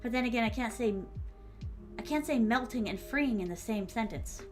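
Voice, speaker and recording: A woman's voice: fairly high pitch, animated, normal speed, over music. Playful woman streamer muttering drafts. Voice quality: slight put-on accent. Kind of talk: casual writing stream.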